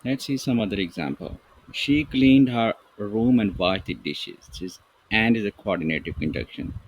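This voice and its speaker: A man teaching an English grammar lesson, reading example sentences slowly and deliberately while writing with a pen. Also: lowish voice, lively intonation, husky, poor audio.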